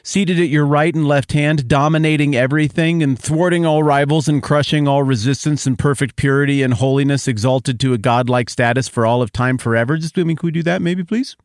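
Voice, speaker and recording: A man's voice: fairly high pitch, fairly even intonation, brisk, few pauses, dry recording, clean studio sound, close to an everyday voice. A man voicing a doting mother who sweetly pleads for a huge favour, hesitant and then gushing. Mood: wheedling.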